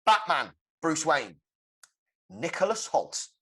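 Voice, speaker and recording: A man co-hosting a podcast, excitedly pitching a film plot with swearing and shouted sound effects. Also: takes it slowly, breathy edge. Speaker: podcast co-host. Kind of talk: animated movie-pitch storytelling.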